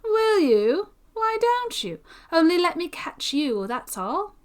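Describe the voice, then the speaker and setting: A cheeky, quick-tempered errand boy from an old storybook, as a woman reader puts him on. His voice is high and cocky, and it jumps around a lot in pitch. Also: lively intonation, a bit bright.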